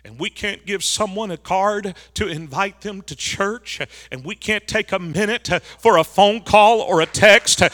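A man's voice: high voice, a little slow, hardly any pauses, pushed and bright, in a large hall. A man preaching a revival sermon as pastor in a church, starting many phrases with an "uh". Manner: preaching with frequent "uh" fillers before phrases. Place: church sanctuary.

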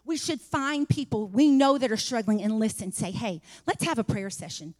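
A woman preaching a sermon in a church, testifying and rising to fervent shouts. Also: a little high, normal speed, in a large hall. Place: church sanctuary.

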